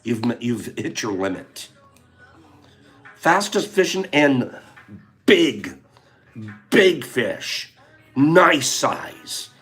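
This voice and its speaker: An older man hosting a casual talk, telling a fishing story in an animated way, acting out his friends' lines and chuckling as he goes. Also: mid-range voice, extremely slow, long pauses, faint music behind. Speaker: host.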